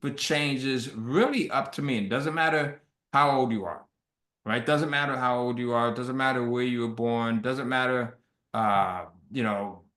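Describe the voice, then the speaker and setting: Bright-voiced motivational man in a roomy space. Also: medium pitch, moderate pace. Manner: conversational, motivational, reads out viewer questions. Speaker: webinar host. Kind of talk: motivational webinar talk.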